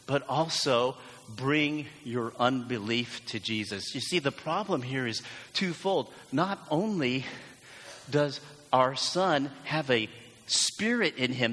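A man's voice: mid-range voice, a bit bright. A man preaching a sermon as pastor, earnest and emphatic, leaning into repeated phrases. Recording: long church hall reverb.

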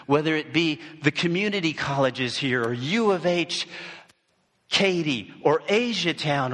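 A man's voice: fairly high pitch, fairly bright tone. A man giving a sermon in a church hall, speaking emphatically and repeating key phrases.

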